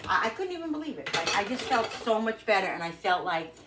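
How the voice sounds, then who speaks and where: A woman's voice: medium pitch, sing-song, fast talker. A middle-aged woman telling a personal story in an emotional, rambling vlog, repeating herself as she goes. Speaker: vlogger. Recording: roomy echo, mic at a distance, noisy.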